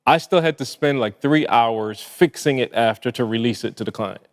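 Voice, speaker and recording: A man's voice: medium pitch, normal speed, big-room sound. A man co-hosting a podcast, talking earnestly in casual conversation and laughing easily. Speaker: podcast co-host.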